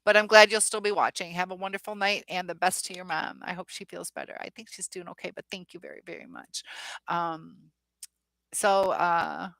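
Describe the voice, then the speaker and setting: A woman's voice: lowish voice, lively intonation, moderate pace, creaky, fairly bright tone, no echo. A woman hosting a casual live stream, reading viewer comments aloud and chatting back with lots of ums.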